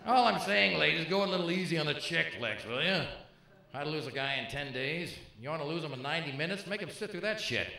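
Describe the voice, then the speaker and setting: A man's voice: fairly high pitch, gravelly, bright, forceful tone. A man in his fifties doing a stand-up comedy routine, punchy and teasing, working the crowd. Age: 50s. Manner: punchy, teasing crowd work with quick jokes. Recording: live club, echoey with crowd noise. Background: audience laughter.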